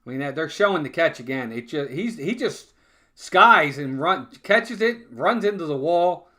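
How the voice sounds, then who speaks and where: A man's voice: on the high side, animated, a little slow, sharp tone. A man calling live baseball play-by-play in a casual, chatty way, often repeating words and talking to his viewers. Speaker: fan play-by-play streamer.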